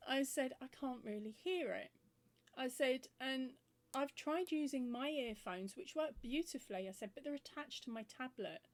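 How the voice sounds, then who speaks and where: A woman with a somewhat high voice vlogs about crochet and tells a funny story from home. She's chatty and giggly, acting out both sides of each conversation.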